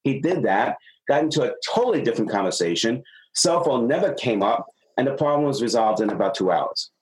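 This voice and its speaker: A middle-aged man, a sales consultant being interviewed on a podcast, explaining ideas and acting out stories with lively dialogue. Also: medium pitch, brisk, low-quality recording. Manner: animated storyteller, acts out dialogue.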